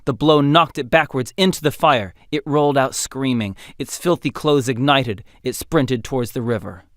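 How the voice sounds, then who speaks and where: A man narrating a fantasy audiobook in an expressive, dramatic storytelling style. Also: mid-range voice, moderate pace, dry recording, clean studio sound. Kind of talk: scripted narration.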